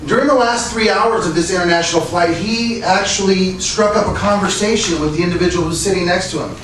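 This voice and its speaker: A man's voice: high-pitched, quick pace, fairly bright tone. A man giving a prepared Toastmasters speech, earnest, asking rhetorical questions. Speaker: Toastmasters speaker. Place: meeting room. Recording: echoey room, distant mic, faint noise.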